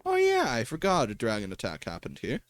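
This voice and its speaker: A man's voice: mid-range voice, wildly swooping pitch, a little fast, dry recording. A man livestreaming a game in casual commentary, chatty and talking to himself and his pets, swearing and laughing often at a desk microphone.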